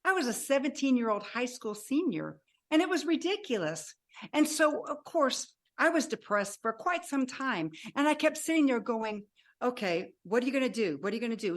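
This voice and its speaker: Woman, sixties, fairly high voice, animated storyteller, acts out dialogue, interview guest. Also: moderate pace. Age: 60s. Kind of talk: personal storytelling.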